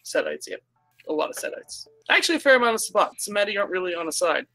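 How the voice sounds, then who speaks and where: Expressive, swearing game player. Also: male voice, sits high, dry recording, faint music behind. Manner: swearing, expressive, quick asides.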